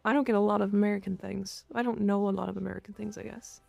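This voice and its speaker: Live-streaming casually, a young woman from Canada playfully reads out her chat, responds to it, and growls "rawr" at viewers. She speaks fast in a steady tone with a mid-range, slightly mellow voice and vocal fry.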